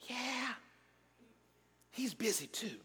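A man's voice: extremely high pitch, big pitch swings, very slow, sharp tone, slightly rough, in a large hall, exaggerated voice. A man putting on the whispered voice of a small boy who is hiding and answers a phone call in short, timid replies. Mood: hushed.

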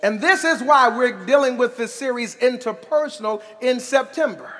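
High-voiced man preaching in an echoing hall. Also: normal speed. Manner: preaching, with shouted emphasis and humorous asides. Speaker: pastor. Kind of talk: sermon. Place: church sanctuary. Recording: long reverb of a large hall.

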